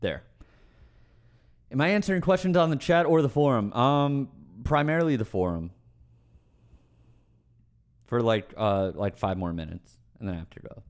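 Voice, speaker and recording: A man's voice: mid-range voice, expressive, normal speed, long pauses. A man on a livestream chatting casually with viewers, ranting, swearing and then apologizing with a laugh. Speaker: streamer answering chat questions.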